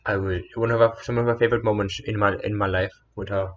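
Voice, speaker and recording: A man's voice: on the low side, fairly even intonation, fast, highs cut off, a little hiss or hum. A man telling a personal story in a meandering, earnest way, often correcting himself. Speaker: storyteller vlogger.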